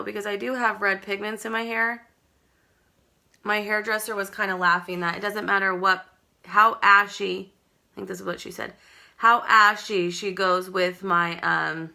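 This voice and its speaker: A talkative woman runs a live makeup tutorial from home. Her voice is strikingly bright and ringing. She rambles as she works and chats with viewers by name. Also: mid-range voice, gravelly. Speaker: makeup seller demonstrating products.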